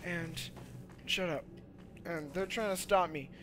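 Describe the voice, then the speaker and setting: A young man giving loud, goofy commentary while playing a video game, with sudden shouted outbursts. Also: a little high, slow. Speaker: let's play gamer. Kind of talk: energetic gameplay commentary.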